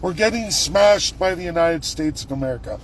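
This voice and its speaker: Angry high-voiced man ranting. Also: lively intonation, normal speed, a little hiss or hum. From Alberta, Canada. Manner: angry, profane, combative. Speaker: political vlogger. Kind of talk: angry political rant to camera.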